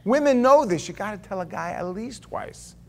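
A middle-aged man preaching a sermon, reading scripture aloud and breaking off into animated, conversational asides and jokes. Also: sits high, moderate pace, gravelly. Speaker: pastor.

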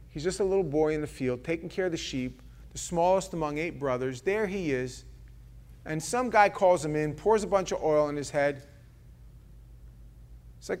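A man delivers a sermon from the pulpit, earnest and pleading. His voice sits fairly high for a man, and he drops from strong, loud passages into quiet, hushed ones. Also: lively intonation, moderate pace. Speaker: pastor.

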